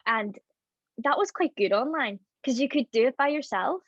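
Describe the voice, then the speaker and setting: A chatty young Irish woman, a drama student appearing as a guest, talks loosely in a casual interview, laughing often and saying "like" a lot. Her voice is high-pitched, expressive, a bit bright and husky, at normal speed. The sound is dull and muffled in a completely dry room with no echo.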